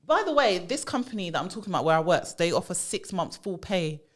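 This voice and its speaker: Low-voiced woman chatting casually. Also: big pitch swings. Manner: chatty, many quick agreeing yeahs. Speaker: podcast co-host, HR professional. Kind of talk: casual chat.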